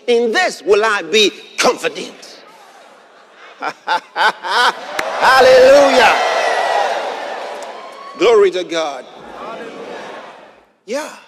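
A man preaching a sermon, reading scripture aloud and repeating key phrases with emphasis, sometimes bursting into shouts. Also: sits high, a little hiss or hum. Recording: long hall reverb.

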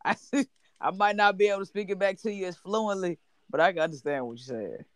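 A man's voice: sits high, fairly bright tone, smooth, no room sound. A man chatting casually with friends, teasing and laughing as he talks. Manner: playful, teasing, drawn-out laughing remarks. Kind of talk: casual group chat.

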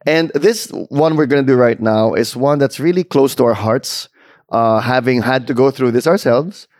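A man's voice: mid-range voice, moderate pace, a little mellow, no room sound. Chatty Filipino man in dry close sound. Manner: chatty, mixes English and Tagalog. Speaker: podcast co-host. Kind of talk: casual chat.

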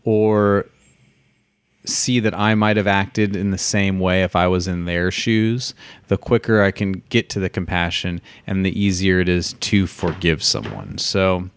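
A man's voice: low voice, flat delivery, a little slow, clean tone. A man in casual conversation, speaking reflectively and picking up speed as he goes on.

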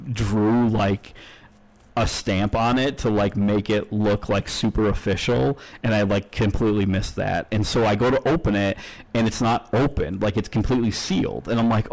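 A man's voice: fairly low pitch, darkish tone, low-quality recording. A man co-hosting a podcast, telling a long story in casual chat, rambling with lots of fillers and frequent swearing. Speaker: podcast co-host.

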